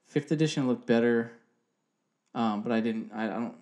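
A man's voice: mid-range voice, moderate pace, darkish tone. A man in his thirties, co-hosting a podcast, chatting in a rambling, casual way and swearing freely. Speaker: podcast co-host. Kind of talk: casual chat.

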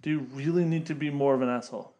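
A man's voice: a little high, steady tone, very fast, crowd noise. A young man co-hosting a casual podcast chat, swearing a lot and ranting with heat. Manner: profane, heated and ranting. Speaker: podcast host.

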